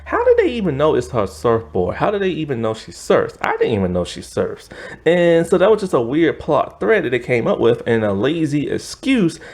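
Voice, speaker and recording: A man's voice: mid-range voice, darkish tone. A man recapping a TV series in a casual, rambling way, correcting himself often and acting out the characters' lines. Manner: rambling, self-correcting, acts out quotes with "he's all like". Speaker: TV series reviewer.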